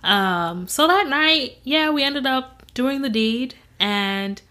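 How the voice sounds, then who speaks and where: A young woman as an interview guest, telling a personal story in an animated way and acting out what others said. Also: high voice, slow. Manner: animated, acts out quoted voices, laughs often.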